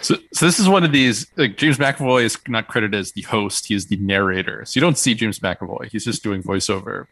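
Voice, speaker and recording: A man co-hosting a casual podcast, wry and opinionated. His voice is low yet bright and forceful, with a dry, close sound. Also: fairly quick, hardly any pauses, breathy edge, no room sound, low-quality recording. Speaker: podcast co-host. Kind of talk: casual chat.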